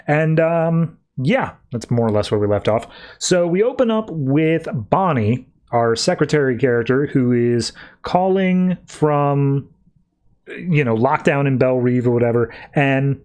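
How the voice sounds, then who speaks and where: A young adult man hosting a podcast, walking through a comic issue in a relaxed, conversational way with plenty of fillers. His pitch sits in the middle range for a man. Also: unhurried. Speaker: podcast host. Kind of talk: casual comic recap.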